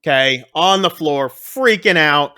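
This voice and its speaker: Man, podcast co-host, casual recap, rambling, fairly high bright voice. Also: expressive. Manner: rambling, acts out characters' lines in quick voices. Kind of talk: casual movie recap chat.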